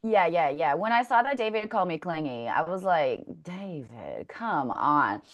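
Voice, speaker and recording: A woman's voice: on the low side, sing-song, fairly quick, dull audio. A woman talking candidly as an interview guest, blunt, swearing freely and telling stories with energy. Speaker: former contestant, interview guest.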